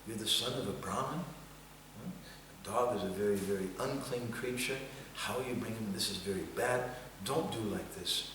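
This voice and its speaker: A man voicing a stern mother who quietly scolds her young son, recorded from far off in an echoey hall. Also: fairly low pitch, moderate pace, background noise, lightly acted. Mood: scolding.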